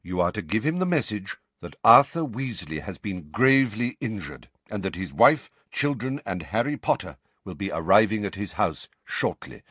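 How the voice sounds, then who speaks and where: A man voicing a calm, commanding elderly wizard headmaster who speaks in a measured, grave way. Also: fairly low pitch, slightly rough, no room sound, heavily acted.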